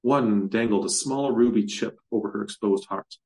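A man from the USA reads his dark fantasy story aloud at a measured, steady pace. His voice sits somewhat low for a man. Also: poor audio. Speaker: author reading his story.

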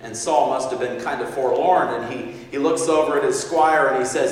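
A man's voice: medium pitch, normal speed, few pauses, a little hiss or hum. A man preaching a sermon, telling a story with acted-out quotes and frequent chuckles. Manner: animated, acts out quotes, chuckles often. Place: large echoey hall. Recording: distant mic in echoey hall.

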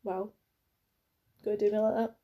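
A woman's voice: medium pitch, little pitch movement, a little slow, dull audio. A Scottish woman co-hosting a podcast, bantering bluntly and swearing in casual chat. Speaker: podcast co-host.

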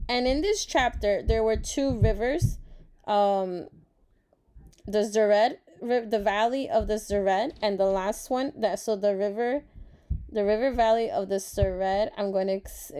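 A woman's voice: mid-range voice, a little slow, mellow, smooth. A woman giving a casual Bible devotional reading, reflective and earnest, with many fillers, who talks openly about feeling emotional and grateful. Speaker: Bible study vlogger.

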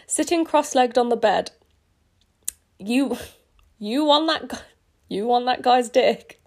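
A woman's voice: on the high side, animated, takes it slowly, a little mellow, full character voice. A woman voicing a cheeky, crude female vampire who teases her friend, reading it from a story. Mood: teasing. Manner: crude, teasing, smirking.

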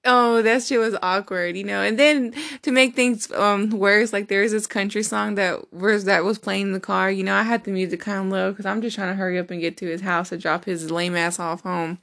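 A woman's voice: mid-range voice, steady tone, a little fast, creaky, hardly any pauses, a bit bright. A young woman hosting a podcast, telling dating stories in a candid, profane, laughing manner. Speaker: podcast host. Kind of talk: casual storytelling monologue.

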